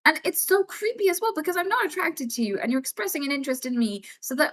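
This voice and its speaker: A woman's voice: very high voice, animated, rapid-fire, hardly any pauses, fairly bright tone. A young woman streamer in casual livestream chat, talking in a blunt, frank and exasperated way.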